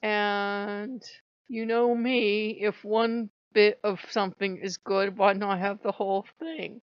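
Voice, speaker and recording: A woman's voice: mid-range voice, slow, smooth, dry recording, dull audio. A woman vlogger telling a casual ranting story, swearing freely and often laughing. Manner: profane, laughing, animated.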